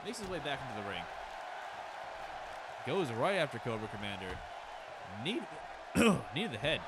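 A man doing casual play-by-play wrestling commentary, excitable and swearing, with joking asides and a voice strained from overuse. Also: medium pitch, moderate pace, a crowd in the background, background noise. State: strained, losing his voice.

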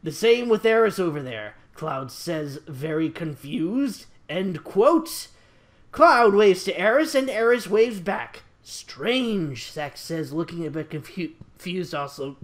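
A young man reads a fan fiction story aloud in a plain, unpolished way. His voice sits high for a man, and he stumbles over words and corrects himself as he goes. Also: animated, measured pace.

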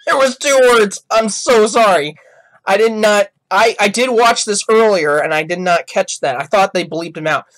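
A man's voice: sits high, moderate pace, fairly bright tone. A man hosting a gaming channel, giving rambling, apologetic reaction commentary. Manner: rambling, apologetic, self-correcting.

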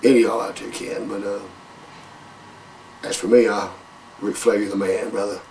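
Gravelly man telling stories. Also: on the low side, moderate pace, recorded from a distance, a little hiss or hum, poor audio. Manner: profane, animated, calls people brother, laughs often. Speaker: interview guest, former wrestler. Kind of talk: casual storytelling interview.

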